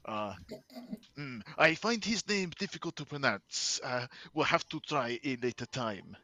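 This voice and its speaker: A man voicing a boastful, pompous gentleman adventurer with a put-on French manner. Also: mid-range voice, big pitch swings, measured pace.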